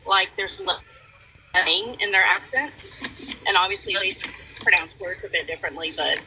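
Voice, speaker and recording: A woman's voice: mid-range voice, moderate pace, sharp tone, slight background noise, rough recording. A woman in casual chat, hesitant and thinking aloud as she talks.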